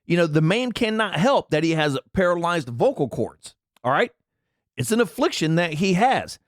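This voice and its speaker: A man's voice: on the high side, big pitch swings, moderate pace, no room sound, studio quality. A man, ranting sarcastically and indignantly in political commentary. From Tennessee. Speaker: commentary vlogger.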